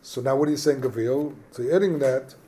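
A man leading a Talmud study class, explaining the text animatedly and thinking aloud with quick restarts. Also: medium pitch, mellow. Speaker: Talmud teacher.

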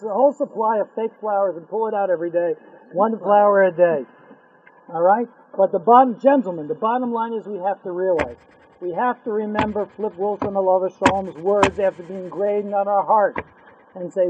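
A man teaching a religious class to men, telling a story with animated humor. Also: high voice, a little hiss or hum. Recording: tinny phone-like line.

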